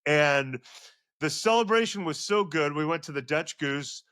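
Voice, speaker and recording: A middle-aged man, a sports journalist and podcast guest, telling a long story with rising excitement. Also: measured pace, smooth, no room sound, studio quality. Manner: excitable, voice climbs high when reliving moments. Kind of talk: animated storytelling.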